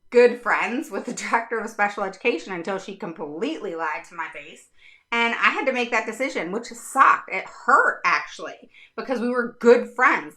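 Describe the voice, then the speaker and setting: A woman's voice: mid-range voice, bright, forceful tone. A middle-aged woman who works as a special education advocate, talking frankly and bluntly to her viewers, swearing casually.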